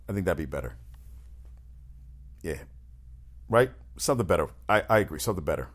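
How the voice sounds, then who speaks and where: Deep-voiced man ranting casually. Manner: blunt, profane, opinionated rambling with restarts. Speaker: show host. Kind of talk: casual chat.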